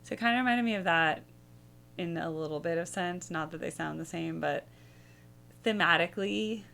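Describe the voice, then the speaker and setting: A woman's voice: lowish voice, moderate pace, vocal fry, fairly bright tone. A young woman hosting a music reaction video, musing casually and humming bits of melody as she rambles.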